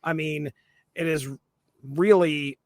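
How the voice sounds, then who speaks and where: A man's voice: on the high side, fairly even intonation, takes it slowly, darkish tone, dry recording. A man co-hosting a comics podcast in casual chat, rambling with many fillers and restarts. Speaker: podcast co-host.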